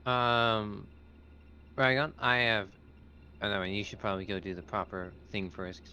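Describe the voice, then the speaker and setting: Hesitant lower-voiced man, farther off mic. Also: little pitch movement, measured pace, pushed and bright, clean tone. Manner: hesitant, thinks aloud. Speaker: gamer. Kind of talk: casual co-op gameplay chat.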